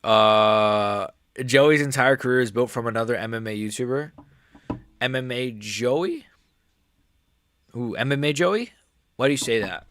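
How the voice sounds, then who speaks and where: A man giving casual live-stream commentary as an MMA YouTuber, rambling and excitable, often restarting his sentences. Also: mid-range voice, unhurried, long pauses, no room sound.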